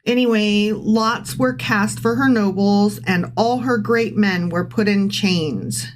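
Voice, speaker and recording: A woman's voice: mid-range voice, slow pace. Sex: woman. Role: podcast co-host. Style: casual scripture reading with commentary. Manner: sarcastic, irreverent, chatty.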